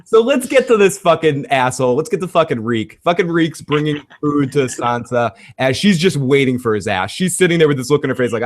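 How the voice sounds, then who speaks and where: A man's voice: fairly high pitch, animated, a little fast, hardly any pauses. A young man hosting a casual episode recap, retelling scenes animatedly and swearing often. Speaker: host.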